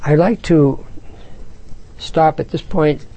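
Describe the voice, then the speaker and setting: Mellow-voiced man giving a spiritual talk. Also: fairly high pitch, dull audio. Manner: reflective, unhurried, with halting restarts. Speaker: spiritual teacher. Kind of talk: spiritual talk with book readings.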